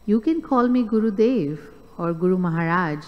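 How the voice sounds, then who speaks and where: A woman's voice: mid-range voice, expressive, moderate pace, muffled recording. Woman reading aloud in a hall. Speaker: class participant reading aloud. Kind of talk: reading a memoir passage aloud. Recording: distant voice in a reverberant hall.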